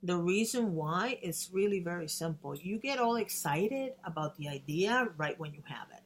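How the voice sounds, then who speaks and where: A woman in her fifties speaks to her camera in a personal vlog, her voice sitting a little low. She talks earnestly, restarting her sentences often. Faint room noise hums behind her. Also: lively intonation, normal speed. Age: 50s. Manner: earnest, with restarts, emotional at times. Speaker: vlogger.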